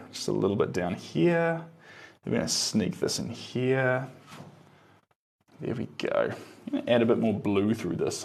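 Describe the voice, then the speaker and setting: A man's voice: fairly low pitch, gravelly, darkish tone. A man streaming himself painting live, murmuring his brush moves to himself and answering chat in an easygoing, musing way.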